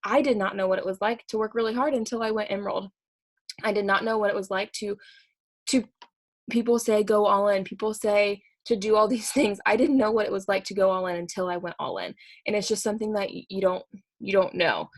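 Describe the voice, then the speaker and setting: A young woman giving a fired-up motivational talk to her sales team, repeating her points with quick laughs. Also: mid-range voice. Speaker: network marketing team leader.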